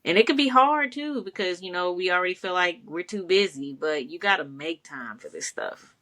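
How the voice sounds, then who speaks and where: A woman's voice: on the low side, animated, normal speed, fairly bright tone. A woman co-hosting a podcast in easygoing casual chat, encouraging and laughing often. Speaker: podcast co-host.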